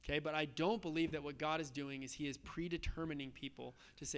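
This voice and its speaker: Man, pastor, sermon, high bright voice, emphatic, conversational. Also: fairly even intonation, quick pace, clear, resonant tone. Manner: emphatic, conversational, frequent "okay?" and "right?" check-ins.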